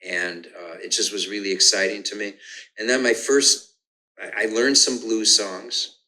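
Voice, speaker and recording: An older man, a guest musician, telling the story of how he came to music in a relaxed conversational way, humming rhythms aloud to explain them. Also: on the low side, a little slow, rough recording. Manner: hums and sings rhythms aloud to explain, frequent restarts.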